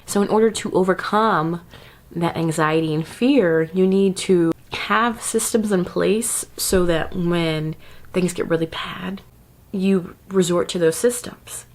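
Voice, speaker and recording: A chatty woman vlogger talking straight to camera about self-care, with a slightly low voice. She laughs a lot and drifts into little asides as she goes. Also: fairly even intonation, slow pace. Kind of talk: casual advice talk to camera.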